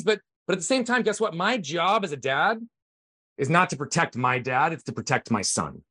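A man's voice: a little high, expressive, moderate pace, bright, forceful tone, no echo, studio quality. A middle-aged man, a podcast guest, earnestly telling a personal family story with emphatic conviction.

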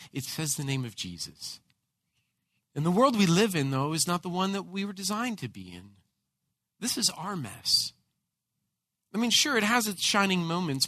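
A man preaching a sermon as pastor, telling a personal story in an animated way with frequent repeated words. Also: on the high side, no room sound.

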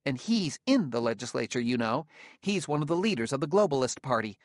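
A man reading an audiobook, voicing a young male courtier who is tense, proud and quickly indignant. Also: mid-range voice, very animated, dry recording, clean studio sound, pitched above the performer's own voice, close to an everyday voice. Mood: defensive.

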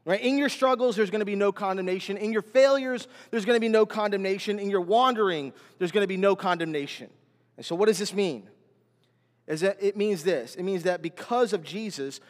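A man's voice: sits high, moderate pace. A man preaching a sermon as pastor, emphatic and repetitive, building in intensity. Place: church sanctuary. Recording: long hall reverb.

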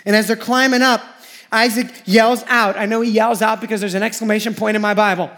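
A man preaching a sermon as pastor, emphatic and repetitive, swinging from loud lines to hushed ones. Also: high voice, fairly even intonation, a little fast.

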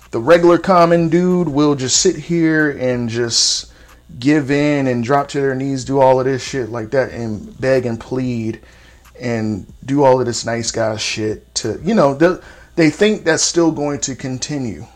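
A man's voice: medium pitch, a little slow. A man in his thirties hosting a casual solo podcast, talking bluntly and profanely, his voice jumping up sharply when he stresses a point. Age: 30s. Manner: voice jumps up sharply for emphasis. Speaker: podcast host.

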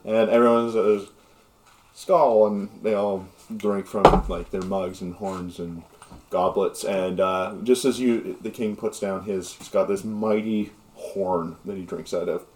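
A man's voice: low voice, fairly even intonation, a little slow, darkish tone, a little hiss or hum. A man running a tabletop game as game master, narrating casually with lots of fillers.

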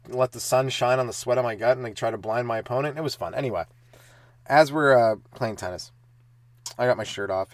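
Guy in his 30s doing a rambling comedy bit, jumps loud and high when he acts stuff out, dry close sound. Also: dry recording. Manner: animated, acts out kids' taunts with sudden loud high bursts. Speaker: stand-up comedian podcast host. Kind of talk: comic storytelling monologue.

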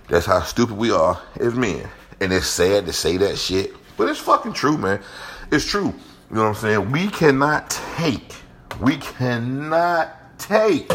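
A man's voice: medium pitch, a bit bright, a little hiss or hum. A man telling a rambling, profane story in a casual monologue.

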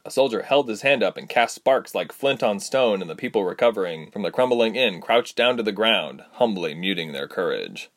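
A man narrating a fantasy audiobook in an expressive storytelling manner. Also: fairly low pitch, moderate pace, hardly any pauses.

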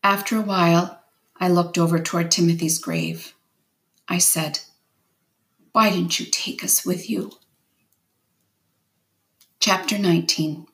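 A woman with a low voice reads a novel aloud, chapter by chapter. She keeps a steady, unhurried storytelling pace throughout. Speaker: reader.

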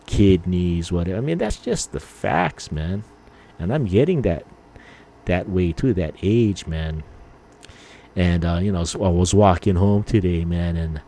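A man's voice: sits low, warm tone. A man in his fifties hosting a podcast, chatting casually and rambling with mild swearing and lots of filler words. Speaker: podcast host.

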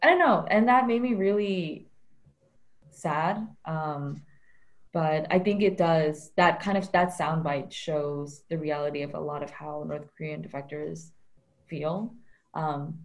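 A woman speaking as a guest in a relaxed interview, chatty and reflective. Her voice sits a little low, and she fills her pauses with lots of ums and likes. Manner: chatty, many fillers, reflective. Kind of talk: casual conversational interview.

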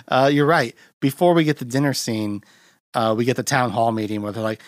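A man's voice: mid-range voice, normal speed, no room sound, clean studio sound. A man hosting a podcast, recapping a film in loose, rambling casual chat and acting out quotes in a raised voice. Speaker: podcast host.

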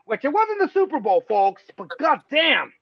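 This Mexican podcast host, a man with a high, creaky voice, chats about sports at a moderate pace, loose and excitable, cursing freely and laughing a lot. The audio is dry and slightly dull, like a lo-fi home setup, with no echo.

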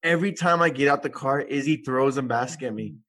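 A young man co-hosting a podcast, tipsy and slurring, bantering loudly with laughs and swearing. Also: mid-range voice, a little fast. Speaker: podcast co-host. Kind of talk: casual chat.

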